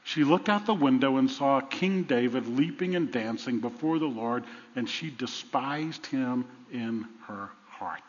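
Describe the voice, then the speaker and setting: Animated preacher in a reverberant hall. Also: male voice, mid-range voice, unhurried, few pauses. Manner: animated preaching, swings from loud to hushed. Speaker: pastor. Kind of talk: sermon. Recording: dull sound with long reverb.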